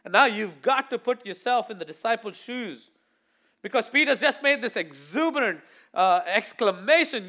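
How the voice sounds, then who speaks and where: A male pastor delivers an animated sermon to his congregation in a high voice. His tone is bright and forceful. He swings between loud declarations and hushed asides, acting out the voices he quotes. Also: normal speed.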